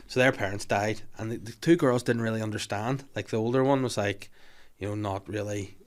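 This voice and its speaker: Male podcast host, 30s, rapid, animated storyteller who acts out the scenes. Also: on the low side. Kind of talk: casual chat.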